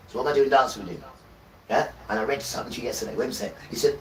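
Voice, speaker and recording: Impassioned preacher in an echoey room. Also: male voice, medium pitch, quick pace. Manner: repetitive, keeps asking "right?", swells loud when reading scripture. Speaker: livestream preacher. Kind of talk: impassioned religious livestream preaching. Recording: roomy echo, distant from the mic, faint background ambience.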